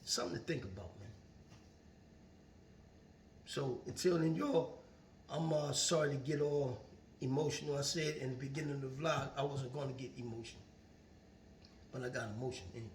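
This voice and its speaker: A man's voice: medium pitch, steady tone, brisk, slight background noise. A man vlogging a casual motivational monologue, earnest and preachy, often repeating his phrases. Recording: roomy echo, far from the mic.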